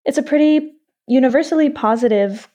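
Bright-voiced chatty woman guest. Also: high voice, a little fast. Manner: lively, descriptive, with "like" and "um" fillers. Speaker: podcast guest. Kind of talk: casual podcast chat.

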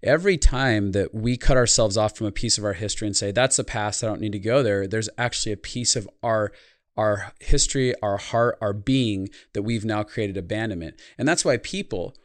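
A life consultant appears as a guest in a podcast interview, telling a reflective personal story in an earnest tone. His lowish voice moves at a moderate pace, recorded at studio quality with no room sound.

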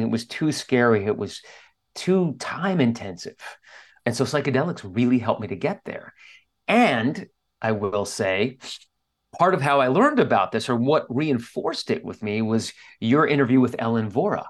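A man's voice: medium pitch, expressive, moderate pace. A man speaking as an interview guest, telling a candid personal story in an earnest, openly emotional way. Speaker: guest author.

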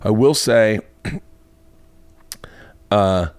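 Animated, foul-mouthed man telling stories. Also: very slow, clean tone, no echo. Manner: animated storytelling, swears freely, voice jumps higher when excited. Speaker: comedian podcast host. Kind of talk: casual comedic monologue. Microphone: podcast mic.

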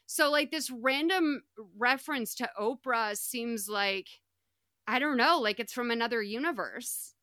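A woman's voice: on the high side, measured pace, sharp tone, no room sound. A young adult woman recapping a movie on a podcast, chatty and full of "like.". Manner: chatty, lots of "like". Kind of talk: casual chat.

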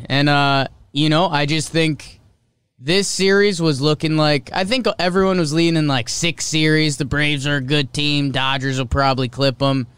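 A young man hosting a casual sports podcast, chatty and opinionated, with quick asides. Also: a little high, a bit bright, clean tone, no echo, clean studio sound. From American North. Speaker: podcast host.

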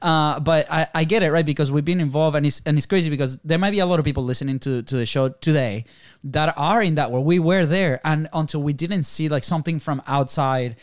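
A man co-hosting a podcast, chatty and loose, with lots of restarts and repeated words. His voice sits somewhat higher than most men's. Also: a little fast. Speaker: podcast co-host. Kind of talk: casual podcast conversation.

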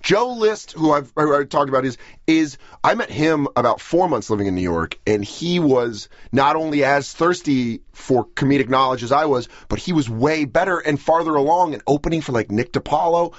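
A young man, a comedian guest, talking in a rambling, self-deprecating, animated way on a podcast. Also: on the high side, moderate pace, few pauses, no room sound, highs cut off. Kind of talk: casual podcast conversation.

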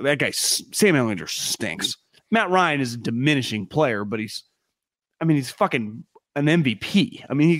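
A man co-hosting a casual sports podcast, talking in an animated, rambling way with casual swearing. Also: mid-range voice, dry recording, studio quality. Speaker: podcast co-host.

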